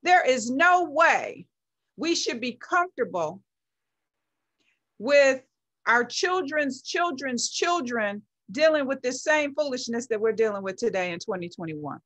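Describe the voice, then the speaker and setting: A woman's voice: on the high side, expressive, a little slow, fairly bright tone. A middle-aged woman talking as an interview guest, giving a passionate motivational talk and stressing her points by repeating phrases. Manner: emphatic, builds phrases by repetition. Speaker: guest, founder of a women's movement.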